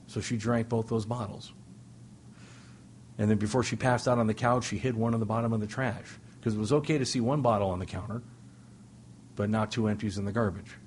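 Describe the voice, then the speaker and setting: A man's voice: lowish voice, brisk, slight background noise. A middle-aged man telling a humorous personal story to a recovery meeting, self-deprecating and full of restarts and asides. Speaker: speaker sharing at a recovery meeting.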